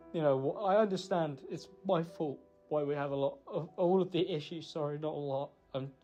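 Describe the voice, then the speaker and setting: A man giving an emotional, halting spoken apology. He blames himself, pauses often and restarts his sentences. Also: on the high side, dark tone, dull audio. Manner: halting, self-blaming, full of pauses and restarts. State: emotional, choked up. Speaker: person recording a personal apology.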